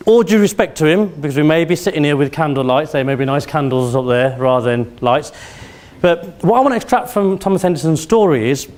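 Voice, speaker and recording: A man's voice: a little high, darkish tone. A man in his forties from Birmingham, with a Birmingham accent, giving a motivational speech to an audience and drawing them in with questions and anecdotes. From Birmingham, England. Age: 40s. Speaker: competition speaker. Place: event hall before an audience.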